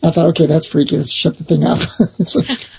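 A middle-aged man with a husky, gravelly voice tells a long personal story. He rambles along and often stops to restart his sentences. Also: a little high, animated, brisk, darkish tone. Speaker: owner of a haunted box, guest. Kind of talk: storytelling in a casual chat.

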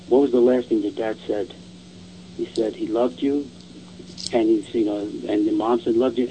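A man's voice: mid-range voice, a little mellow, slight background noise, poor audio. A man casually telling a long ghost story, rambling and repeating "I says" and "she goes".

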